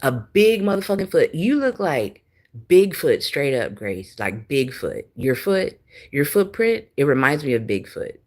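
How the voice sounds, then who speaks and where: A woman, ranting profanely and taunting someone on a livestream, swinging between loud and soft. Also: sits low, big pitch swings, a little slow. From Texas. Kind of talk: angry livestream rant.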